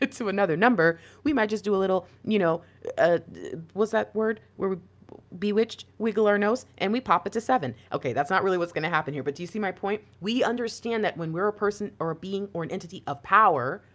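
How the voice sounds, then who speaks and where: A woman talking to viewers as an intuitive card reader in a spiritual reading monologue, chatty and animated, asking lots of rhetorical questions. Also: medium pitch.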